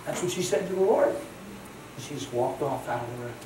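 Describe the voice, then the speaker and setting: A man preaching a sermon as a pastor, plain-spoken, swinging between hushed and loud. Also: medium pitch, lively intonation, normal speed, noisy background. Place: large church hall. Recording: echoey hall from far off.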